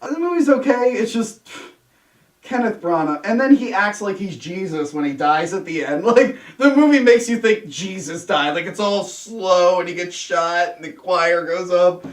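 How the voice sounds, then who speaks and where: A young man hosting a casual movie review chat, sarcastic and animated, swearing freely. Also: sits high, normal speed, distant mic. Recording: roomy sound from off-mic.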